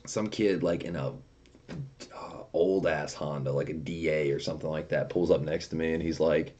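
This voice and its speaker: A man's voice: extremely low pitch, steady tone, fairly quick, warm tone, dull audio. A young man casually chatting on a livestream, reading viewer comments aloud and telling profane stories with frequent laughter. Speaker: streamer.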